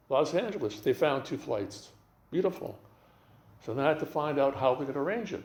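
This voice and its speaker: A man speaking as a guest rabbi, telling stories in an animated way and acting out the dialogue. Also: a little high, echoey room. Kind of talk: storytelling talk.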